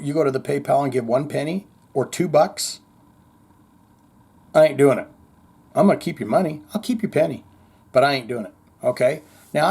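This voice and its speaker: A man's voice: medium pitch, creaky, darkish tone, slightly rough. A man hosting a heavy metal news show, casually chatting and reading viewer comments in a blunt, sarcastic way with some swearing.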